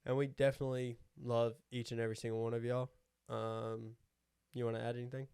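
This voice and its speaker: A young man co-hosting a podcast, easygoing and halting with fillers. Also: medium pitch, little pitch movement, vocal fry, darkish tone, clear, resonant tone, dry recording, clean studio sound. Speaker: podcast co-host. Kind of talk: casual chat.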